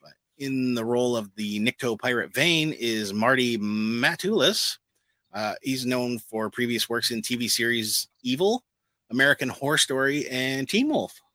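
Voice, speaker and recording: A man co-hosting a fan podcast, reading out cast credits in casual chat with filler pauses. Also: medium pitch, animated, pushed and bright, dry recording. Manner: reads lists with filler pauses. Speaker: podcast co-host.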